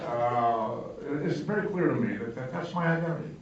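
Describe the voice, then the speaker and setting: An older man speaking as guest at a screening Q&A, telling anecdotes in an animated, self-mocking way to an audience in a large hall. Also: medium pitch, normal speed, crowd noise. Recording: echoey hall, distant, dull, noisy.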